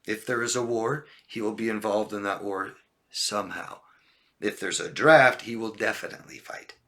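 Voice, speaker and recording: A man's voice: on the low side, moderate pace, fairly bright tone. A man coaching viewers in a livestream, talking directly and bluntly, repeating key points and checking in with "okay?". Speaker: life coach. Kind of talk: livestream advice talk answering viewer questions.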